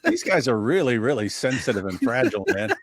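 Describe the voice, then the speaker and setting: A man's voice: medium pitch, sing-song, fairly quick, no echo, studio quality. A man co-hosting a podcast in casual chat, mocking and laughing often. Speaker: podcast co-host.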